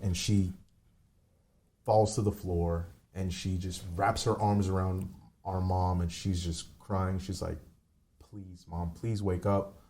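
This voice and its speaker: A man's voice: low voice, level tone, slow, dark tone. A man in his forties telling a personal story as a podcast guest, candid and rambling, swearing casually. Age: 40s.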